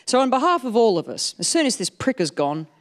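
A woman tells a true story on stage. Her wry, comic delivery keeps the pitch moving, and it climbs and dips often. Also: fairly quick. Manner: animated, wry, comic timing. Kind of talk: live storytelling performance.

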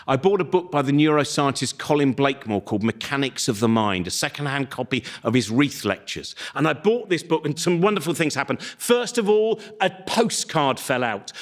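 A middle-aged man, telling comic stories to an audience and acting out the people he quotes. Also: fairly high pitch. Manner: animated, acts out quoted voices. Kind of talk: comic storytelling talk.

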